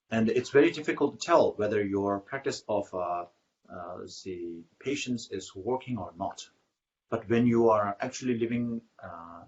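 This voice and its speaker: A lower-voiced man gives a Buddhist dharma talk, pausing often with fillers and restarting his phrases. The recording is muffled and lo-fi. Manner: halting, many fillers and restarts. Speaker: Buddhist teacher.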